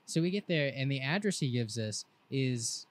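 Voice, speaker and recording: A young podcast co-host tells a long, meandering story in a relaxed, casual way, doing lively voices when quoting his friends. He speaks at medium pitch and a normal speed.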